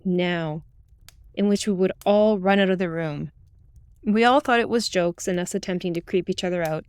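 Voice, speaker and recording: A woman reading a true ghost story aloud in the first person, with calm, steady storytelling. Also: medium pitch, brisk, clear, resonant tone, dry recording. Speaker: narrator. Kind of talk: scripted ghost story narration.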